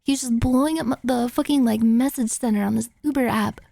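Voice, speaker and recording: A young woman streamer tells a story in casual chat, her voice pitched high with a gravelly fry running through it. She is animated and sweary, leans on fillers, and acts out the lines of the people in her story. She is close to the mic in a dry, dead-sounding space. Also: brisk, no room sound.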